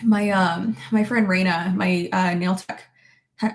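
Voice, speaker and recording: Woman in her 30s, vlogger, casual chatty delivery, frequent laughs and loose swearing, mid-pitched. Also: steady tone, measured pace. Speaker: vlogger reading viewer comments. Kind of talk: casual chat.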